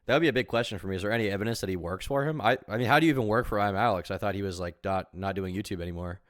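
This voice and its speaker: Fast-talking man in rambling stream commentary. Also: lowish voice, fairly bright tone, no echo, studio quality. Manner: rambling, filler-heavy, argumentative. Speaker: streamer reacting to a video. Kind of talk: casual live-stream commentary.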